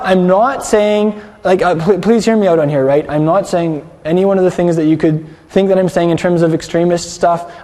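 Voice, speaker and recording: A man delivers an earnest sermon and puts questions to his congregation. His voice sits fairly high with a mellow, dark tone. The room gives it a long, ringing reverb. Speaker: congregation teacher.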